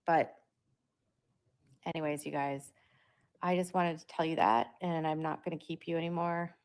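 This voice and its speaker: A woman's voice: low voice, steady tone, moderate pace, darkish tone. A young adult woman and parent, talking casually to her viewers in a rambling way with lots of filler words. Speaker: parent vlogger.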